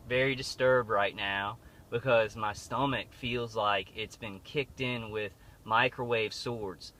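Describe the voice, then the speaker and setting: A man's voice: lowish voice, bright, forceful tone. A man vlogging in a rambling, agitated way from inside a car on the street, cursing and stumbling with fillers and restarts, speaking into a phone mic that his thumb partly covers. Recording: muffled phone audio with traffic noise.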